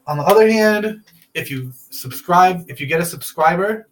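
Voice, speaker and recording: A man's voice: high-pitched, animated, moderate pace. A young man hosting a casual talk show, loose and rambling, laughing often. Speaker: podcast host. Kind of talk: casual chat.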